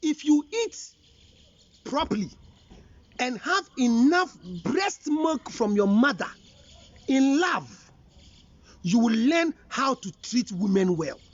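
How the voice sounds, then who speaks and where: A man with a Ghanaian accent and a very high, expressive voice that swoops up and down as he lectures. He scolds and presses with pointed questions, a relationship counselor on a dull, lo-fi recording. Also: takes it slowly, long pauses. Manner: emphatic, scolding, rhetorical questions. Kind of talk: counseling talk mixing English and Twi.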